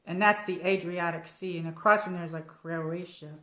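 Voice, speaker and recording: A woman's voice: lowish voice, steady tone, normal speed, a bit bright, reverberant. An American woman hosting a casual live-chat stream from home, rambling and reading out viewer comments. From United States. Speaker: livestream host.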